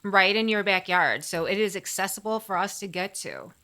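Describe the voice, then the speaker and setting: A woman co-host with a bright, sharp voice at a middle pitch, chatting casually on a podcast. She talks warmly and teases fondly. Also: animated, moderate pace. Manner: warm, teasing, fond toward her sister. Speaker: podcast co-host and psychic reader.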